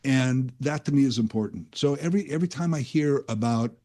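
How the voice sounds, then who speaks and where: A man's voice: mid-range voice, brisk, dark tone. A man guest-hosting a radio talk show, telling a rambling, self-aware story in a casual monologue into a studio microphone.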